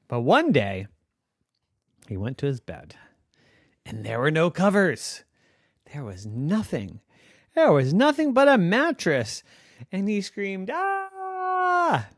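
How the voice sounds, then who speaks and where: A man telling a children's bedtime story in a playful, expressive way. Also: fairly high pitch, slow pace, pauses often, no echo, studio quality.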